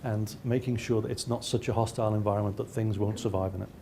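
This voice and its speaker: A man's voice: fairly low pitch, steady tone, fast talker, creaky, warm tone, slight background noise. A male researcher giving a slide lecture, with frequent restarts and dry, self-mocking asides.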